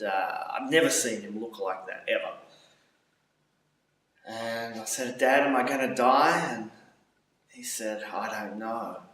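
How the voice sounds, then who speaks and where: A man telling a vivid personal story, swearing and swinging his pitch as he acts out his own panicked thoughts. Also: a bit bright, far from the mic. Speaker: storyteller recounting a seizure. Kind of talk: personal story told aloud. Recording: very echoey room, voice away from the mic.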